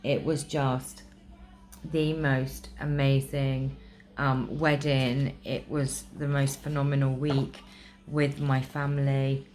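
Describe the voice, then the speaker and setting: A woman's voice: very deep voice, darkish tone. A middle-aged woman from England chatting to camera in a vlog, gushing and emotional, with many ums, still recovering from being ill. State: recovering from illness. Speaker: craft vlogger. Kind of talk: casual chat to camera.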